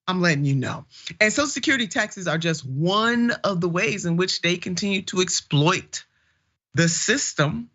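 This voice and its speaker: Folksy fired-up woman host, punchy bright voice, kinda muffled audio. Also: on the low side, expressive, moderate pace. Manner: emphatic, preacher-like, folksy. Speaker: show host. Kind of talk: political commentary.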